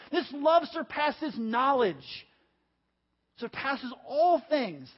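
A man's voice: very high-pitched, slightly rough. A man preaching a sermon, emphatic and repetitive, calling on the congregation to answer back. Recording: dull lo-fi audio.

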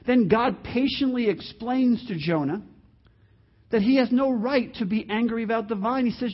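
A man preaching a sermon in an animated way, now and then acting out the voices he quotes. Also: extremely high pitch, normal speed, muffled recording. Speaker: pastor.

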